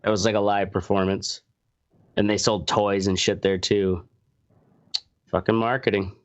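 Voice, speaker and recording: A man's voice: fairly low pitch, little pitch movement, unhurried. A man co-hosting a podcast in casual banter, teasing and swearing. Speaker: podcast co-host. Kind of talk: casual chat.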